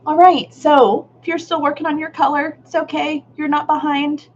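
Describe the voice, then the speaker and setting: A woman's voice: sits high, level tone, moderate pace. Woman facilitator, casual and encouraging, live-stream sound with a dull, muffled edge. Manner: warm, affirming, casual with Southern "y'all"; laughs often, candid with occasional swearing. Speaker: workshop facilitator. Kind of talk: live online art workshop, reading chat comments. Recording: slightly dull live-stream audio with faint noise.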